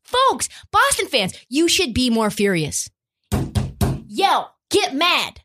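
A woman hosts a sports talk podcast in a high, lively voice that swings widely in pitch. She rants with blunt profanity and fires off rhetorical questions. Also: takes it slowly, noisy background. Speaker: podcast host.

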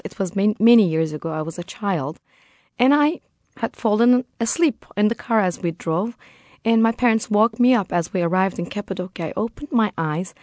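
A woman's voice: medium pitch, a little mellow, no echo, studio quality. A woman from Turkey, a tour guide on a radio show, telling a story with enthusiasm. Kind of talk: radio interview.

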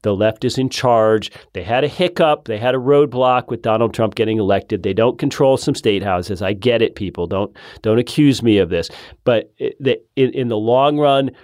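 A man's voice: mid-range voice, normal speed, darkish tone, dry recording. Emphatic male guest, dry sound. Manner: emphatic, with frequent restarts. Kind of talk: casual political chat.

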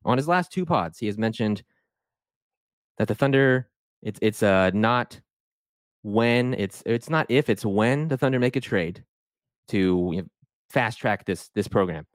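A man hosting a sports podcast with a low, dry voice close to the mic. He talks animatedly, often breaking off and restarting his sentences. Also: animated, unhurried, long pauses, dry recording. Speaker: podcast host. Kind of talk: casual sports podcast chat.

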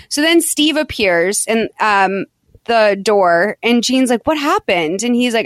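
A woman hosting a podcast, chatting casually as she retells a movie plot in an animated way. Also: fairly high pitch, unhurried, no echo. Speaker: podcast host. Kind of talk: casual chat recapping a movie.

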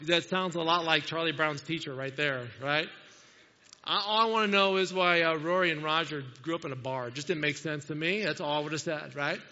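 A man's voice: a little high, brisk, bright, forceful tone. A man preaching a sermon to a congregation in a church, talking in a conversational, self-deprecating way and putting questions to his listeners. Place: church sanctuary. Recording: muffled sound in a large hall.

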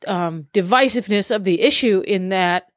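A woman's voice: medium pitch, normal speed, no room sound, studio quality. A woman hosting a casual interview, supportive and reflective. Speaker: podcast host.

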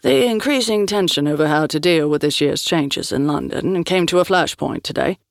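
A narrator doing a sober older news anchor. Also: male voice, on the high side, normal speed, gravelly, no echo, studio quality. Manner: formal broadcast delivery.

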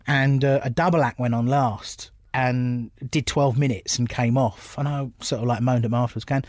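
Middle-aged man, mid pitch, loose anecdotal comic delivery. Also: moderate pace, few pauses, no echo, studio quality. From England. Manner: animated storyteller, laughs often. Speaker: comedian guest. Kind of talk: casual anecdotal chat.

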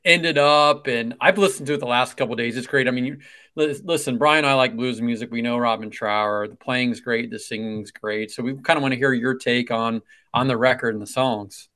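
A casual male podcast co-host who chats easily, asking questions and reacting quickly. His voice sits at a middling pitch for a man. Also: fairly even intonation, sharp tone. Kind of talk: podcast interview.

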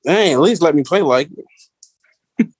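Man co-host, jokey and laugh-prone, slightly high, very lively voice. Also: moderate pace, slightly rough, no room sound. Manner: joking, laughs often. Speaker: podcast co-host, host's adult son. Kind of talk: casual comedy podcast chat.

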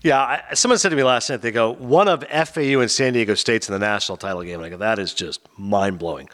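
A man hosting a podcast, chatting casually and telling stories with voiced quotes. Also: medium pitch. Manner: animated, quick storytelling with voiced quotes. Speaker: podcast host. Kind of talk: casual chat.

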